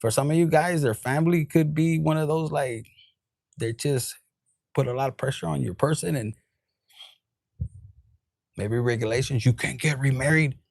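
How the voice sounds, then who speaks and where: A man giving a casual, animated tarot reading straight to camera, swearing freely and dropping into quoted voices and bits of Spanish. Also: medium pitch, moderate pace, creaky, pauses often, dry recording, clean studio sound. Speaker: tarot reader.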